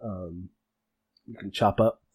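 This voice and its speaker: A man's voice: sits low, steady tone, slow pace, a little mellow, slightly rough. A man narrating as game master for a tabletop role-playing game, talking casually with many fillers and restarts.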